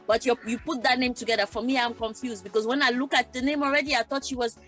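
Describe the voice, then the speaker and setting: A woman who grew up in Germany, speaking as a panelist in a discussion, talking in an animated way with many restarts and repeated words. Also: on the high side, fast talker, soft background music. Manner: animated, acts out quoted exchanges, repeats herself.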